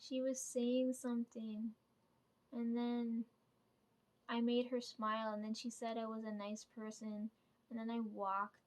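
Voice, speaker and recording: A woman's voice: on the high side, level tone, a little slow. A woman casually retelling a dream in a rambling way, often checking in with "right?" and swearing freely. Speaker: vlogger.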